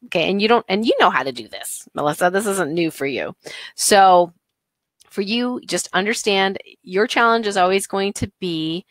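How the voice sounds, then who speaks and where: A woman teaching a live online workshop in a gentle, conversational way, thinking aloud with many fillers, on a computer mic from a home office. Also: medium pitch, lively intonation, moderate pace, dry recording, studio quality. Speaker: holistic health teacher.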